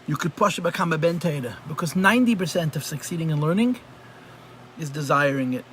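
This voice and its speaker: A man's voice: on the high side, expressive, a little fast, a bit bright, a little hiss or hum. A man teaching a live online class as a rabbi, talking conversationally and repeating phrases for emphasis. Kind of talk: live online Chassidus lesson. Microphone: computer mic on a video call.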